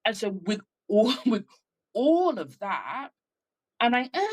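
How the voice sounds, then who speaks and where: A woman's voice: a little high, big pitch swings, slow pace, a little mellow, low-quality recording. Woman talking reflectively in an interview. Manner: reflective, hesitant, lots of fillers. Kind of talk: casual interview talk.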